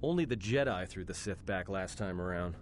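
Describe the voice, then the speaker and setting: A man's voice: deep voice, a little fast, a little hiss or hum, close to an everyday voice. A man voicing a wry, cynical space pilot. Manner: wry, sarcastic, casual. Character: cynical young male pilot, wry and streetwise. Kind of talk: video game voice acting.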